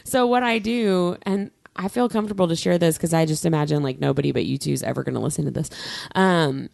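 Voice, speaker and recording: A woman's voice: low voice, fast, creaky, a little mellow, no room sound, clean studio sound. A woman co-hosting a podcast, chatting casually in a rambling, self-deprecating way and laughing often. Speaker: podcast co-host. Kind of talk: casual chat.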